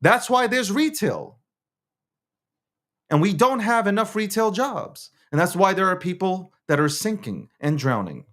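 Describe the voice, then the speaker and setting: A man hosts his own show in a loose, opinionated rant, stumbling over and restarting his words. His voice sits high and swings up and down a lot. He laughs and swears freely as he talks. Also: very animated, measured pace, a bit bright. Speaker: show host. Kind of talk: casual political rant.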